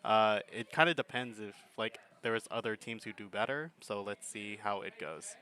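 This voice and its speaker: A man's voice: lowish voice, normal speed, bright, forceful tone. A man giving laid-back, chuckling commentary on a game battle, thinking his plays through aloud. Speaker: gaming commentator.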